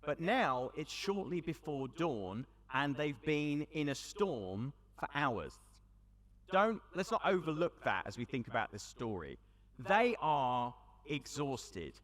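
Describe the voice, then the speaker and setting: A man with a British accent giving a storytelling talk to a young audience at an event, conversational with dramatic pauses. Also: on the high side, sing-song, fairly bright tone. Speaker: youth event speaker. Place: large hall with audience. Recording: long hall reverb.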